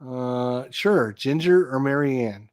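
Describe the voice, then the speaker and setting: A man hosting a relaxed live chat, talking at a middling pitch and wandering off mid-thought to search his memory. His voice is recorded dry and close, with no room sound around it. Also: takes it slowly, no echo. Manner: rambling, loses his train of thought. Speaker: podcast host.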